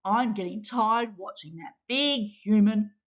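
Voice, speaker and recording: A woman's voice: mid-range voice, measured pace, lightly acted. A woman playing a cheeky booger creature. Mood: playful. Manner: playful, chatty storybook voice. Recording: dull lo-fi sound.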